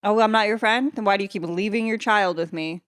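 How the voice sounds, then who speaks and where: A woman's voice: mid-range voice, fairly quick, no echo, clean studio sound. A woman co-hosting a podcast in casual banter, teasing her co-host playfully. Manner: playful teasing with lively swoops.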